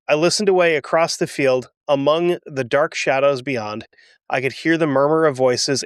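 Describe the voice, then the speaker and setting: A man's voice: fairly high pitch, no echo, studio quality. A man hosting a history podcast, reading aloud a first-hand wartime account and breaking off for emotional, self-deprecating asides. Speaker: podcast host.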